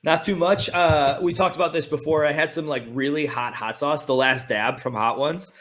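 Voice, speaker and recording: A man's voice: fairly high pitch, steady tone, moderate pace, few pauses, fairly bright tone. A laid-back man co-hosts a casual fantasy football chat. He rambles a bit, uses plenty of "like" and "you know", and pokes fun at himself. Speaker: podcast co-host.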